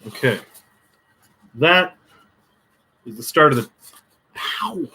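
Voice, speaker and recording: A man's voice: medium pitch, lively intonation, unhurried, fairly bright tone. A man chatting casually on a crafting livestream, muttering to himself as he works, with dry sarcastic asides.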